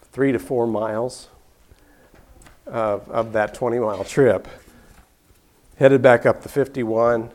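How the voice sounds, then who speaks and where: A man's voice: mid-range voice, darkish tone. An older man telling a personal story in an easygoing way, chuckling often and restarting his sentences.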